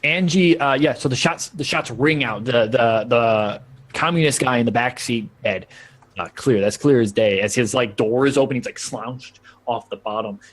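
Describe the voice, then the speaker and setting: A man's voice: mid-range voice, normal speed. Rambling male game master narrating. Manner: loose, rambling narration with many fillers and restarts.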